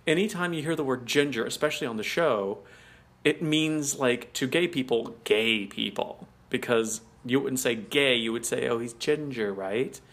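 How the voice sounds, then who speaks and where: A man's voice: mid-range voice, moderate pace, fairly bright tone. An American man co-hosting a podcast in casual chat, explaining at length and laughing often. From United States. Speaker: podcast co-host.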